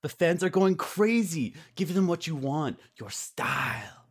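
A man putting on the voice of a creepy male photographer with a made-up vaguely foreign accent, high and fawning. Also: animated, a little slow, husky, heavily acted. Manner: high, loud, fawning sing-song. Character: creepy middle-aged male photographer directing a shoot.

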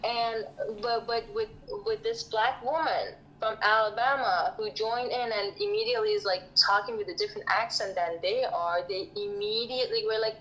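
A woman guest on a podcast, telling stories in a lively, blunt way and acting out what others said. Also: fairly high pitch, normal speed, highs cut off, slight background noise. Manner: animated, acts out quotes, blunt. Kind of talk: casual storytelling in an interview.

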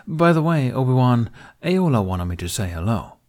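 A man voicing a calm, proud male Jedi master with a baritone voice. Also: moderate pace, close to an everyday voice.

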